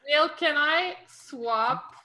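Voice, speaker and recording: Woman player, high bright voice, playful and pushy. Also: extremely slow. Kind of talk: tabletop role-play as a cleric.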